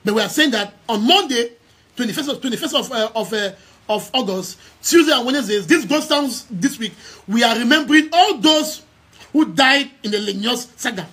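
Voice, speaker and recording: A young activist from Southern Cameroons who heads a news outlet addresses his followers on a live stream, his Cameroonian English delivered in an extremely high, animated, husky voice that is a bit bright and moves at a moderate pace. He is emphatic, repeats key phrases, and restarts his words with many stammers.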